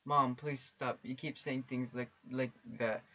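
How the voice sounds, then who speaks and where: A man voicing a tired grown son who pleads softly with his mother. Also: mid-range voice, flat delivery, measured pace, highs cut off. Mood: pleading.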